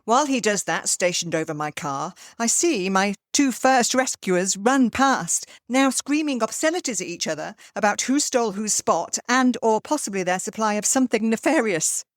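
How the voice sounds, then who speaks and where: An older woman, hosting a podcast and telling a personal story in a lively way. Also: mid-range voice, normal speed, few pauses, dry recording, clean studio sound. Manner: lively storyteller, acts out quoted voices. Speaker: podcast host. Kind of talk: storytelling monologue.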